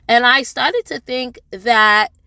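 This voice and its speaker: A woman's voice: fairly high pitch, slow pace, sharp tone, clear, resonant tone, no room sound. A young woman giving a casual, chatty recap of a TV drama episode, with sassy asides to the characters. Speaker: TV drama reviewer.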